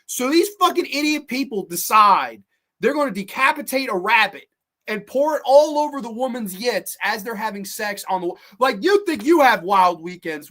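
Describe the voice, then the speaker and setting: A horror review host ranting through a film recap, profane, sarcastic and incredulous, with animated outbursts. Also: medium pitch.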